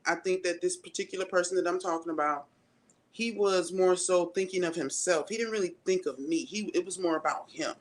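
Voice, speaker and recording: A woman talking as a radio show guest, telling personal stories in a relaxed, candid way. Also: fairly low pitch. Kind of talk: casual chat.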